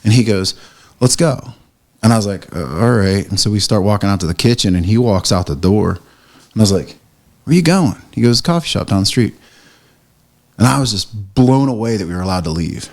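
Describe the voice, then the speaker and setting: A middle-aged man from the United States, a print shop owner chatting as a podcast guest, telling lively stories and acting out quotes. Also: on the low side, brisk. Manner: animated storyteller, acts out quotes with swearing. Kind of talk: casual conversation.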